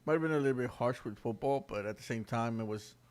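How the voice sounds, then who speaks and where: A man's voice: mid-range voice, quick pace, darkish tone. A man co-hosting a sports talk radio show in a studio, answering in brief, dry remarks.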